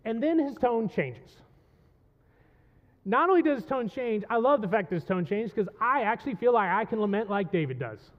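A male pastor preaching a passionate sermon to his congregation, swinging between quiet reflection and loud pleading. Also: sits high, lively intonation, normal speed, long reverb tail, muffled recording. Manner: impassioned, rising to loud pleading when voicing the psalm. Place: church sanctuary.

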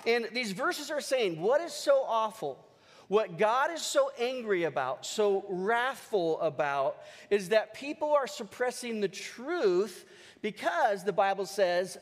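A man preaching a sermon as pastor, energetic and rousing his congregation. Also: high voice. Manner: energetic, leads the congregation in call-and-response cheers. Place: large church hall. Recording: long church hall reverb.

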